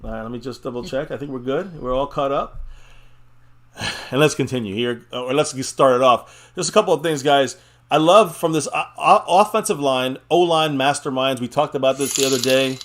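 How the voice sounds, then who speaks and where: A man's voice: mid-range voice, moderate pace, a bit bright. A man hosting a live fan chat stream, talking casually and rambling, with frequent laughs and the odd swear.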